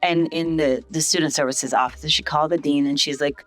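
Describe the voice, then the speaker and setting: Soft music plays behind this hospital CEO from St. Vincent, a middle-aged woman whose low voice moves briskly with few pauses. As a podcast guest she casually relates her life, voicing other people's lines loudly and vividly.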